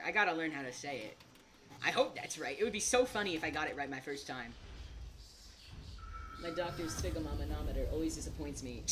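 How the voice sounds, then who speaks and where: Young woman streamer, casual and giggly, slightly low voice with an animated swing. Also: moderate pace, long pauses, a little hiss or hum. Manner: chatty and giggly, laughs often. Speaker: gaming streamer. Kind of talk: casual gameplay commentary.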